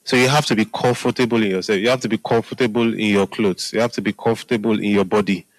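A man's voice: lowish voice, fairly even intonation, quick pace, dry recording, poor audio. A man preaching a sermon in a conversational way, often asking his listeners if they are following. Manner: conversational, repeats "Hallelujah" and "are we together?" to the audience.

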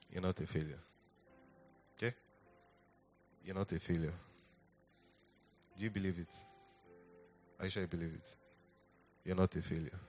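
A man preaching a sermon in a church, repeating phrases and asking the congregation to answer back. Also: low voice. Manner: coaxing, repeats phrases, asks the congregation to respond. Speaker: pastor.

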